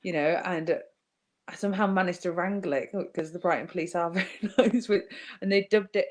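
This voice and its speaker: A woman with a slightly low voice talks in a relaxed conversation. She makes her points earnestly and with emphasis. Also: fairly quick. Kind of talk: casual chat.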